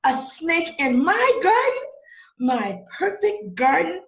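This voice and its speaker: A woman's voice: very high voice, big pitch swings, slow, heavily acted. A woman playing a man indignant at a snake in his garden, blustering in theatrical rhyming outbursts, in an audio theater play. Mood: outraged. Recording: roomy echo.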